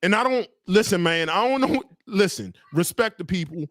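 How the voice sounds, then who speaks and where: A man's voice: high-pitched, animated, normal speed, a bit bright, dry recording, clean studio sound. A man hosting a casual livestream chat, laid-back and direct, often calling people brother. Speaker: show host.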